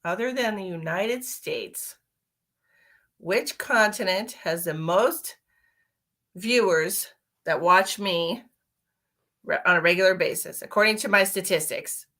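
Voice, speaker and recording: A woman's voice: on the low side, takes it slowly, long pauses, sharp tone. A woman who works as a psychic medium, chatting casually with viewers on her live stream. She is playful, laughs often and calls people sweetheart and honey.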